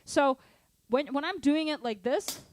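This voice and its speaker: An energetic woman teaches a drum lesson, counting beats aloud and calling out to her students. Her voice sits a little high for a woman, and a drum kit rings out clearly behind her. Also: a little slow, soft background music. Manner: energetic, calls out counts and asks for engagement. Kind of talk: live online drum lesson.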